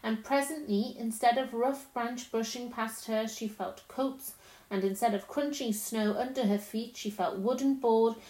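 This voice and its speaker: A woman reads a children's story aloud in a calm, measured way. Her voice sits slightly high, and the recording has a roomy echo. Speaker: narrator.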